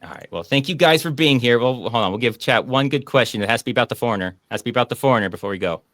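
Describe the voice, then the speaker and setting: A man's voice: medium pitch, rapid-fire, no room sound, clean studio sound. Rambling man hosting a movie stream. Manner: rambling, animated retelling of film scenes. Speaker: podcast host. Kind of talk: casual stream chat about movies.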